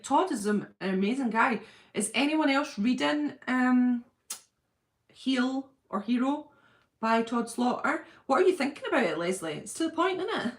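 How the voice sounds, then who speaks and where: A woman chats casually on a livestream from her home. She reads viewer comments aloud and gushes over them. Her talk is loose and thinking-aloud, full of ums and restarts. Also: mid-range voice. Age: adult with a husband and school-age children. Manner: chatty, gushing, thinks aloud with many fillers. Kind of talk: casual live-chat.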